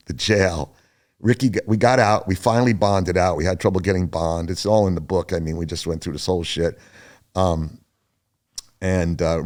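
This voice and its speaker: An older man, a podcast guest, telling a story casually, animated and profane. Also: deep voice.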